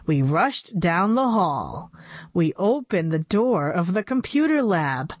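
A woman's voice: medium pitch, no room sound. A woman narrating a children's book in a playful first-person storytelling voice. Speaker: audiobook narrator.

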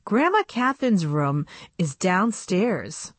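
Woman doing a bright, bossy girl doll. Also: lowish voice, big pitch swings, slow, dry recording, heavily acted. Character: clever, bossy young girl doll leader.

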